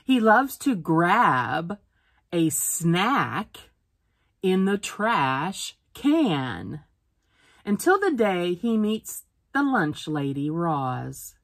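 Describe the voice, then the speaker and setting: A woman's voice: lowish voice, big pitch swings, very slow, dry recording, studio quality. A woman teacher reading a picture book aloud for a phonics lesson, sounding out words letter by letter.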